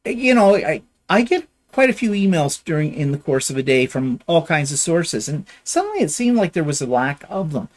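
A man's voice: a little high, very animated, moderate pace, hardly any pauses. A middle-aged man from Canada, co-hosting a casual chat and telling a long rambling story. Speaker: podcast co-host.

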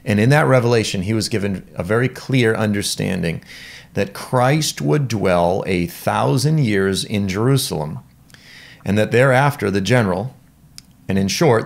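A man's voice: fairly low pitch, animated, normal speed, gravelly. A man giving an earnest lecture on church history as a Bible teacher, explaining points with emphasis and reading quotes aloud.

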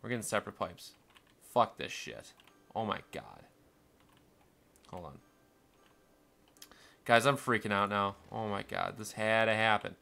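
Young man, gameplay commentary, gravelly, bright edge, cursing, panicky outbursts. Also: lowish voice, animated, measured pace, pauses often. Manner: swings from mumbling to panicked yelling, swears constantly. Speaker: gameplay streamer. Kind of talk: casual let's-play commentary.

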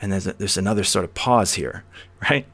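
A man's voice: deep voice, a little fast, fairly bright tone, breathy edge. A man hosting a philosophy podcast, talking the listener through an imagined scene, chuckling often and repeating words as he thinks aloud. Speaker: podcast host.

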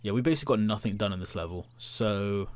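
A man's voice: on the low side, quick pace. A man giving casual let's-play commentary, jittery, chatty and self-mocking as he plays. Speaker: gameplay commentator.

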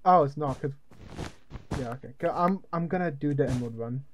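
A man playing a video game with friends, talking in an excitable, joking way and yelping when things go wrong. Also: on the high side, fairly quick, a little hiss or hum. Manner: excitable, jokey, yelps when plans go wrong. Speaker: gamer. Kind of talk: casual gaming chat.

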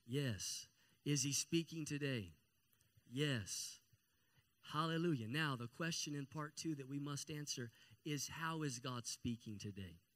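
A man preaching a sermon, repeating key phrases and calling for amens, growing more excited as he goes. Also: medium pitch, unhurried. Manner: grows louder and more excited. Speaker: pastor.

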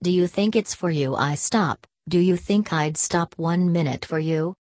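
A woman's voice: lowish voice, measured pace, darkish tone, dry recording, clean studio sound, lightly acted. A woman voicing a fierce, embattled working-class wife and mother who answers with cutting retorts. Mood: furious.

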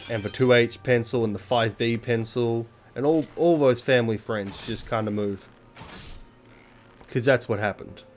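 A man's voice: medium pitch, a little mellow. A young man giving rambling, self-deprecating, sweary commentary over a game he plays. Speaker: let's play commentator. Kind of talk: casual gameplay commentary.

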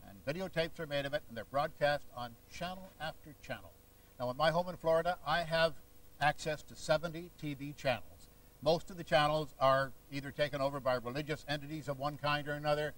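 A man lectures an audience like a showman, with theatrical storytelling. His voice sits a little high. The mic is some distance away in the hall. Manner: lively, theatrical storytelling with impressions. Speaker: lecturer and stage conjurer. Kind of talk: public lecture.

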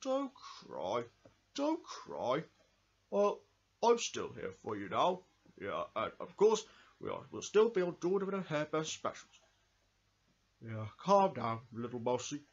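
A man voicing a friendly toy bear who gently comforts a friend in a lo-fi home recording. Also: mid-range voice, huge pitch swings, slow pace, pauses often, breathy edge, pitched below the performer's own voice, full character voice. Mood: soothing. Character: friendly toy bear, soft-spoken and soothing.

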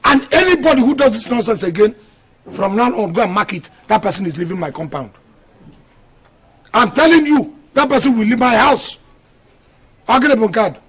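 A man's voice: high voice, very animated, normal speed, pauses often, a bit bright. An actor with a Nigerian accent playing an exasperated husband scolding his two quarrelling wives, in a lecturing film-drama delivery. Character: stern polygamous husband, middle-aged, exasperated.

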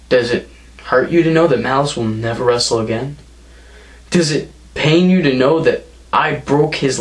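A young man delivering a wrestling promo, taunting and mocking his opponent as he trash-talks. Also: mid-range voice.

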